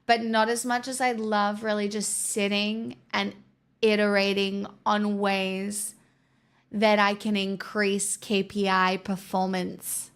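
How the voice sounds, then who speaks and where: A woman's voice: medium pitch, flat delivery, slow pace, clean tone. A woman livestreamer chatting casually with her viewers, using sarcastic, mock-corporate girlboss patter.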